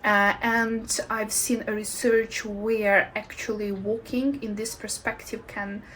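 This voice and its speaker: A woman in a casual health vlog, sharing her own experience in thoughtful, non-native English phrasing with frequent pauses and fillers. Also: medium pitch, flat delivery, fairly bright tone, slight background noise, poor audio. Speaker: health vlogger. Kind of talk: casual talking-head vlog.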